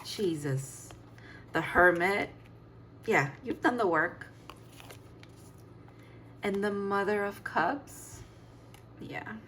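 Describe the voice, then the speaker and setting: A woman's voice: mid-range voice, lively intonation, very slow, pauses often, fairly bright tone, a little hiss or hum. A woman giving a casual tarot reading, chatty and emphatic, laughing and sighing as she talks. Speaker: tarot reader.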